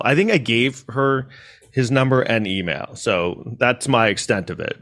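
A man's voice: medium pitch, a little slow, fairly bright tone. A man from New York City telling a personal story in a casual monologue, rambling with restarts and asides.

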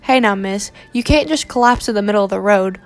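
A woman's voice: mid-range voice, brisk, soft background music, natural voice. A woman voicing a broad, hot-tempered cowboy man who bellows and sneers. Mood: coaxing.

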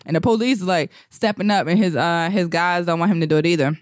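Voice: mid-range voice, brisk, hardly any pauses, dry recording, clean studio sound. A podcast co-host in casual chat, retelling a movie scene by scene, acting out the lines and laughing often.

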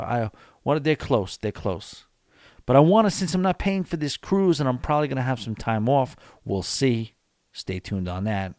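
Late at night, a man on his solo podcast rambles casually with plenty of fillers, tired and yawning. His fairly low voice is a little mellow, and the recording is dry with clean studio sound.

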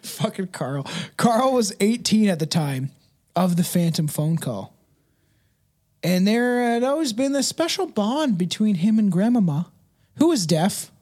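Male podcast co-host, thirties, rambling casual storyteller, laughs and swears a lot. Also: measured pace. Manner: rambling, laughing, swearing, lively pitch swings. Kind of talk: casual chat.

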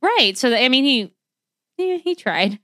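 Woman, podcast co-host, bright forceful voice, dry close sound, cursing and laughing, casual true crime storytelling. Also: high-pitched, sing-song, no room sound. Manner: swears freely, laughs often, quick tangents.

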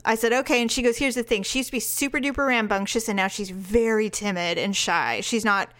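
A woman co-hosting a casual talk show, telling a story with lively quoted dialogue and frequent laughter. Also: fairly high pitch, a little fast. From California. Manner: animated, laughs often, acts out quotes. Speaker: podcast co-host.

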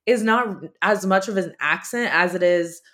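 A woman's voice: mid-range voice, moderate pace, a bit bright. A woman hosting a podcast, chatting casually and animatedly about reality TV gossip, laughing often. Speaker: podcast host. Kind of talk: casual chat.

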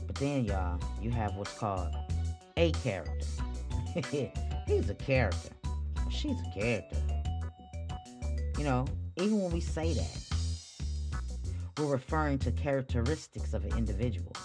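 A woman with a low, very expressive voice hosts a spiritual talk podcast. She speaks casually and preachily into a microphone, firing off rhetorical questions and chuckling often. Music plays clearly beneath her. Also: a little slow, long pauses. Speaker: podcast host. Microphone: studio microphone.

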